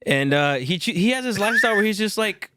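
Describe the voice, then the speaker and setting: A man's voice: sits high, lively intonation, fast, sharp tone. A male podcast host in casual chat, who laughs a lot and swears freely.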